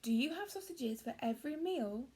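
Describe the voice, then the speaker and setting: A woman's voice: high-pitched, animated, normal speed, dark tone, husky, full character voice. A woman voicing a scruffy, cheeky young boy in a children's story. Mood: boyish.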